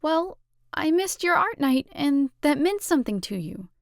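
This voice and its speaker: A woman's voice: sits high, very animated, measured pace, gravelly, no room sound, studio quality, voice pushed up, heavily acted. A woman voicing an earnest teenage girl who talks in an emphatic, pleading way.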